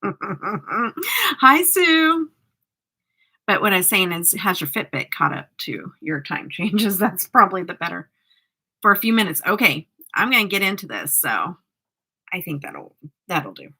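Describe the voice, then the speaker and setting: A woman's voice: mid-range voice, big pitch swings, a little slow, long pauses, pushed and bright, breathy edge. A woman chatting casually with live viewers as a makeup vlogger, teasing and laughing often.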